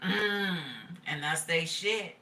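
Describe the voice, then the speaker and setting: A woman's voice: on the low side, very slow, bright, forceful tone, echoey room, recorded from a distance. A woman giving a casual, profane tarot reading, talking in a streetwise way and laughing often. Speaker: tarot reader.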